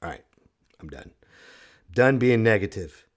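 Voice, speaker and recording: A loud, talkative man in his thirties hosting a solo podcast. His lowish voice swings widely in pitch as he rambles and jokes, now and then breaking into a shout. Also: measured pace. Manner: loud, animated, jokey rambling with sudden shouted bits. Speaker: podcast host. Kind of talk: casual solo podcast monologue.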